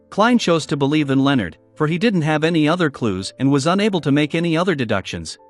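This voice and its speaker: Lively man narrating a fantasy novel. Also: a little high, a little fast, few pauses, soft background music. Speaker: audiobook narrator.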